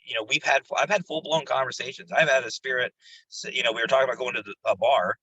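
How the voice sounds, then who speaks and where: A man who investigates the paranormal, a guest on an interview show, telling his stories in a casual, animated way. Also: mid-range voice, fast, slightly rough, no room sound, dull audio. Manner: animated, jumps into quoted voices, laughs while telling stories.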